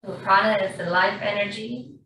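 A woman, a yoga instructor calmly guiding a class through slow breathing in a studio. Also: mid-range voice. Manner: slow, calm, even-toned guidance. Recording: very echoey room, far from mic, faint noise.

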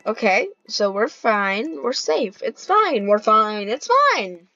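A young woman giving casual gameplay commentary, excitable and giggly, swinging between panic and glee. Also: mid-range voice, slow, no echo, dull audio.

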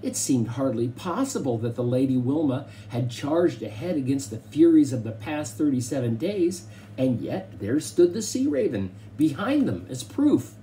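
A man narrates a novel aloud with measured, expressive pacing. His tone is mellow and dark, with a faint hiss of noise behind him. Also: mid-range voice. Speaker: audiobook reader. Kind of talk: scripted narration.

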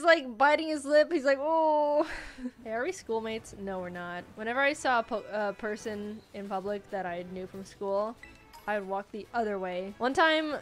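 A young woman in her twenties casually commenting while playing a video game, often jumping high when excited. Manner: excitable, squeals high at cute creatures. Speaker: gaming YouTuber. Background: faint game music.

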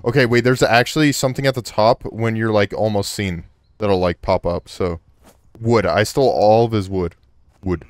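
A man casually chatting and swearing excitedly while playing a co-op video game. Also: on the low side, moderate pace, smooth, dry recording. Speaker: gameplay streamer. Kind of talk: casual co-op gameplay chat.

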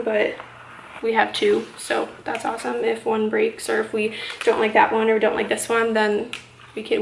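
A woman's voice: fairly high pitch, gravelly, echoey room, slight background noise, rough recording. A heavily pregnant young woman vlogging from home, chatty and upbeat with many fillers, a little out of breath. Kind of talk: casual haul vlog.

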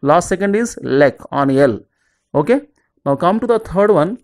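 A teacher, giving an exam-prep lesson and repeating word lists slowly, with each example word said lower. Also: lively intonation, darkish tone. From southern India. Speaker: English teacher.

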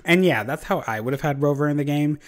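A man's voice: a little high, brisk. A man hosting a casual video commentary, rambling with lots of fillers and a self-deprecating tone. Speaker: video host. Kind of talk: casual commentary ranking game characters.

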